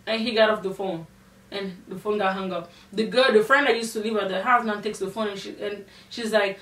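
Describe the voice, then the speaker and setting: A young woman vlogger telling a storytime, animated and indignant, with many fillers. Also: medium pitch, a little fast, recorded from a distance. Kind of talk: storytime vlog. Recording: echoey room, off-mic.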